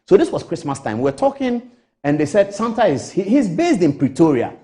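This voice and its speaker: A middle-aged man with a Ghanaian English accent tells an animated story as a guest on a TV talk show. He acts out both sides of a phone call and jumps high in pitch when he voices the caller. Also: a little fast. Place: TV studio.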